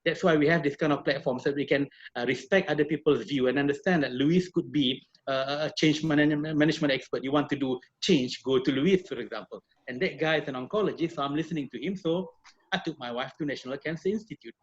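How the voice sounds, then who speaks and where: A middle-aged man from Malaysia, a professor telling a personal story in an animated way with many repeated words, heard over a video call. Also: a little high, fast talker, breathy edge. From Malaysia (Perak). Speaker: professor and guest speaker. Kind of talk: storytelling talk. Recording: dull lo-fi video call audio.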